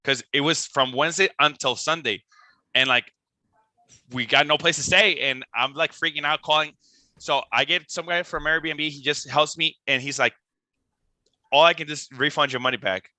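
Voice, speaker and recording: A young man with a very bright, forceful voice tells a rambling tour story, animated and full of filler words and restarts. His voice sits a little high for a man and sounds dry and close to the mic, with no room around it. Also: normal speed, dry recording. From Costa Rica. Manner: animated, swearing, lots of "like" and restarts. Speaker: band member, podcast guest. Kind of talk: casual storytelling.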